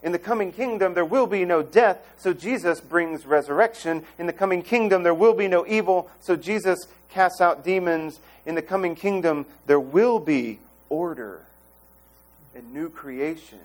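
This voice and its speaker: A pastor delivering a sermon in an animated, expressive way, often acting out the people he quotes. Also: sits high, moderate pace.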